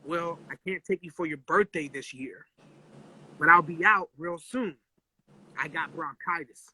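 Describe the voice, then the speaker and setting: A man voicing an easygoing adult male rapper friend who is sick, talking in relaxed slang. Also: on the high side, a little slow, slightly rough, full character voice, poor audio. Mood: reassuring.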